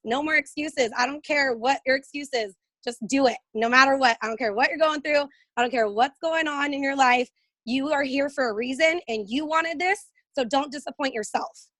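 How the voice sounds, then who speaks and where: A woman's voice: high voice, moderate pace, fairly bright tone, no room sound. A woman giving an emphatic motivational pep talk, repeating her commands and filling gaps with fillers.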